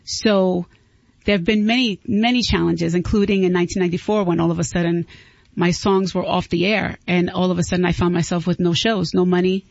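A woman's voice: on the low side, steady tone, brisk, vocal fry, darkish tone, no echo. Earnest woman guest opening up, keeps restarting, dry dull radio audio. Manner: earnest, heartfelt, frequent restarts. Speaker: guest author. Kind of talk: candid interview talk.

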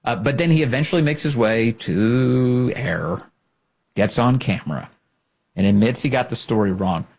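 A man's voice: medium pitch, normal speed, creaky, a little mellow, husky. A man hosting a talk show, delivering sarcastic political commentary in a mocking tone. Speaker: show host.

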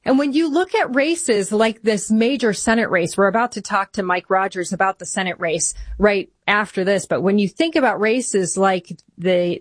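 A woman's voice: mid-range voice, no room sound, clean studio sound. A woman hosting a political talk radio show, speaking urgently and repeating points for emphasis. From Michigan. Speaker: radio host.

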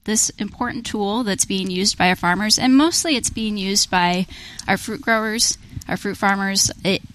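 A woman's voice: mid-range voice, normal speed, a bit bright, rough recording. A woman who is a policy director, answering interview questions in a conversational way, explaining at length with frequent restarts. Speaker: policy director for a farm group. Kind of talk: interview guest.

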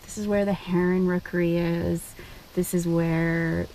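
Earnest woman rancher, slightly low voice. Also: flat delivery, measured pace, dark tone, a little hiss or hum. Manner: earnest, heartfelt. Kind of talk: casual interview. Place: outdoors on a ranch.

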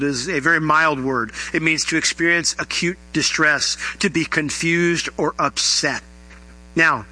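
A male pastor delivering a sermon, teaching verse by verse and asking the congregation questions. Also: poor audio. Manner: animated preaching, rising pitch on questions.

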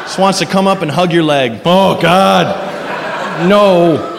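A stand-up comedian works a comedy club stage before a live audience, animated and jokey, acting out voices. His voice is high and gravelly and his pace slow, and the live club recording has long reverb and background noise.

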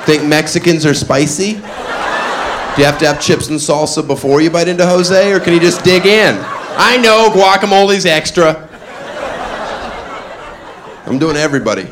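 A man doing a stand-up comedy set on a club stage, deadpan and self-amused, often laughing at his own jokes. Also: fairly high pitch, normal speed, long pauses, crowd noise. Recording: live club recording with background noise.

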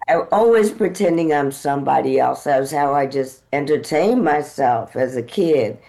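An American woman actor, a guest in an interview, telling lively stories and acting out the dialogue in them. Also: a bass voice, normal speed, vocal fry, rough recording. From United States. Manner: animated, acts out dialogue in her stories. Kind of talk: conversational interview storytelling.

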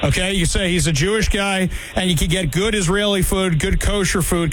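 A man hosting a call-in radio show, responding to a caller in a brisk, warm way. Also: sits high, a little hiss or hum, rough recording. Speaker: radio host.

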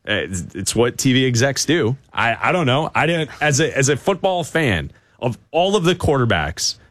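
A man's voice: medium pitch, big pitch swings, moderate pace, fairly bright tone, no echo. A man hosting a live sports talk radio show, bantering sarcastically with his co-host from a studio.

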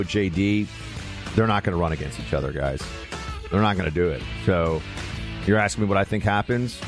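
A man hosting a talk radio show, chatting casually with callers and hesitating often. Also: low voice. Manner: relaxed, with frequent "uh" hesitations.

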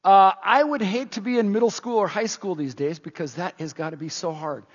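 An older pastor preaches in a high, husky voice. He talks in a folksy, conversational way and leans on emphatic repetition. His voice is recorded dull and lo-fi, with long reverb from a church hall. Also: a little fast. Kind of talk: sermon. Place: church sanctuary.

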